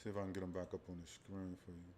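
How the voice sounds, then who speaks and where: A man's voice: deep voice, completely flat delivery, racing, dark tone, a little hiss or hum. A man hosting a profane religious commentary livestream, rambling and talking straight to his viewers, often tacking on "right?". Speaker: livestream host.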